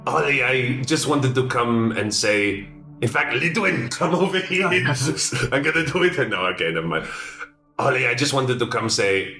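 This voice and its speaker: A man voicing an awkward, apologetic male artificer with low charisma, talking in halting, earnest turns and dropping in French words. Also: sharp tone. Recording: roomy mic with music under.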